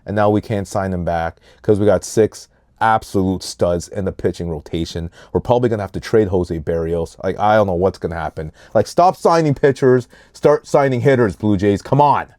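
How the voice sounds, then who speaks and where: Dark-voiced man giving sports hot takes. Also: fairly low pitch, moderate pace, dry recording, studio quality. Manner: animated hot takes, calls out names and leans on words. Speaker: podcast host. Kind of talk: casual sports podcast chat.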